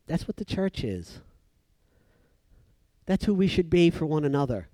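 A male preacher delivering a sermon in a slightly higher-than-usual voice, recorded close and dry. He plays the people in the story he tells and swings from emphatic, raised lines down to quiet, near-hushed ones. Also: big pitch swings, measured pace, no echo.

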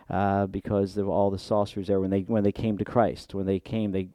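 A male pastor preaching a sermon in church, swinging from hushed asides to loud emphatic peaks. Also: deep voice, flat delivery, normal speed, no echo.

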